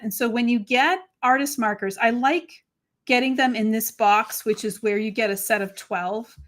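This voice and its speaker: Chatty Boston woman hosting a crafting stream. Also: fairly high pitch. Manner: chatty, greets viewers by name. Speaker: crafting live-stream host. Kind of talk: live crafting demo.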